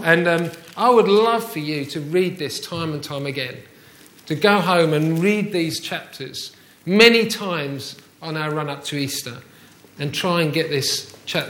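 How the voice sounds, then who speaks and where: A man's voice: fairly high pitch, a bit bright, reverberant. A male pastor giving a conversational sermon in a church, often asking the congregation rhetorical questions.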